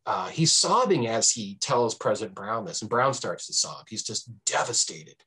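A man, a history professor, telling history in an animated conversational way on a podcast, with many fillers and restarts. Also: normal speed, breathy edge. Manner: animated, swings pitch for emphasis. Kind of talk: conversational storytelling.

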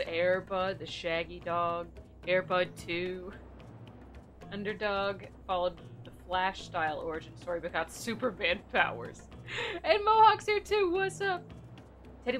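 A woman's voice: mid-range voice, a bit bright. A young woman streaming a game, chatting casually with viewers, giggly and thinking aloud. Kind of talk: casual gameplay chat.

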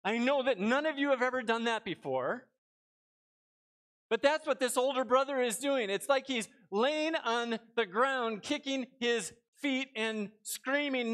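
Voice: mid-range voice, a little slow, a bit bright. A pastor giving a church sermon, reading scripture aloud and then explaining it with rhetorical questions.

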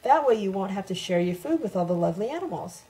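A woman voicing a sharp, sarcastic woman with a brisk manner, in an audiobook reading. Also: mid-range voice, expressive, natural voice, rough recording.

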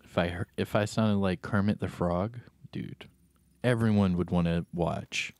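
A man's voice: low-pitched, fairly even intonation, measured pace, a little mellow, no room sound, studio quality. A man streaming a shooter game, chatting casually and answering his viewers' comments as he plays. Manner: chatty, laid-back, reads and answers chat.

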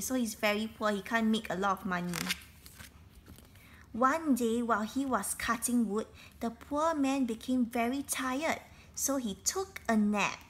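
Woman reading a kids picture book, slightly high voice, explains stuff simply as she goes. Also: a bit bright, slight background noise. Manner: slow, explains words and events in simple asides. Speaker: storybook reader.

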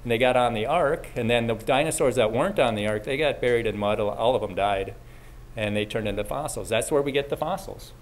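A man's voice: mid-range voice, slight background noise. A man giving a casual talk to a live audience as a Christian speaker. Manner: casual, conversational, frequent restarts.

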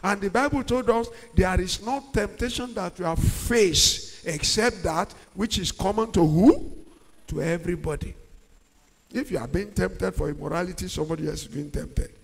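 A middle-aged man preaching a sermon, using call-and-response and swinging from quiet talk to shouts. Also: high-pitched, moderate pace, vocal fry. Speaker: pastor. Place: large church hall. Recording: long church-hall reverb.

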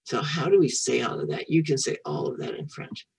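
A woman's voice: deep voice, creaky, darkish tone, breathy edge, recorded from a distance, rough recording. Woman reading a storybook to a child, encouraging, repeats words, picked up from across the room. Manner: slow, patient and encouraging, repeats each word for the child. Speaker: children's storyteller and French teacher. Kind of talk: reading a picture book aloud to a child, teaching French words.

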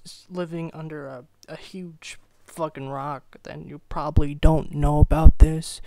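Slow stammering low-energy young man. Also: warm tone, no echo, rough recording. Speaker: amateur commentator. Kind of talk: casual rambling commentary. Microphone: old cheap microphone.

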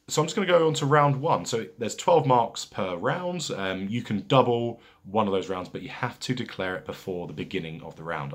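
A man with a fairly low voice hosts a casual pub quiz, reading every question twice in a slow, deliberate way and chatting between rounds.

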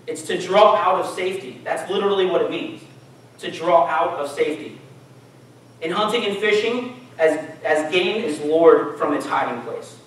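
A man with a fairly high voice preaches at a moderate pace, keeping the sermon informal and asking his listeners questions. The mic is distant, picking up the echo of the church hall.

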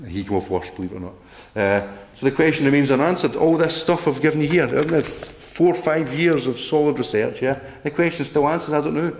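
A man's voice: fairly high pitch, a little fast, few pauses. A man giving a combative public talk to a local group, blunt and swearing, often asking "right?". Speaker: campaign speaker. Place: meeting room.

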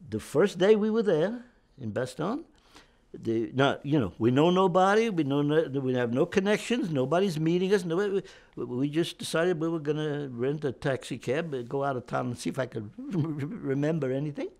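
Elderly veteran in his nineties, gravelly and lively, telling war memories in a rambling interview. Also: a little high, normal speed. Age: 90s. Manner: rambling, repeats words, animated storyteller.

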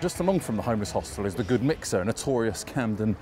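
A man's voice: fairly low pitch, very animated, fast. A man hosting a casual walking tour on city streets, chatting and joking as he goes. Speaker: tour guide host. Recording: music playing behind.

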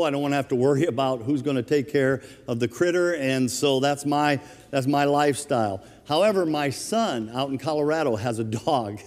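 A man preaching a sermon as minister of his church, telling a funny everyday story in a relaxed, conversational way. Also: medium pitch, long reverb tail. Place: church sanctuary.

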